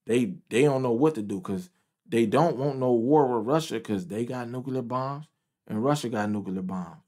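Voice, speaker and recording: A man delivers a heated reaction rant over news clips. He is profane and repeats himself, pushing his voice up and louder when he gets worked up. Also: medium pitch, moderate pace. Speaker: commentator. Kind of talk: ranting reaction commentary.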